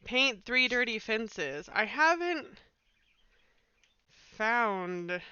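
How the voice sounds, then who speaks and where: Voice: mid-range voice, sing-song, very slow, pushed and bright, clear, resonant tone, no room sound, muffled recording. A game streamer rambling through a live let's play, reading game text and trailing off in self-mocking asides.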